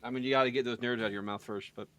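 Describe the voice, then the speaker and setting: A man's voice: mid-range voice, fairly even intonation, very fast, a crowd in the background. A man hosting a casual podcast, joking and tripping over his words as he runs through the picks. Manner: joking, stumbles and repeats words. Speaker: podcast host running the bracket.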